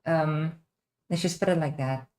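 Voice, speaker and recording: A woman's voice: low voice, a little slow, darkish tone. A young woman streamer hosting a casual Q&A, rambling and repeating herself with many fillers. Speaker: streamer host. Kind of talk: casual livestream Q&A.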